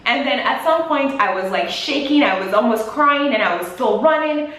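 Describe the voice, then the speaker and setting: Recorded in an echoey room with faint hiss, a young female vlogger relates a story conversationally, performing each person's dialogue with animation. She speaks at a moderate pace in a high-pitched voice.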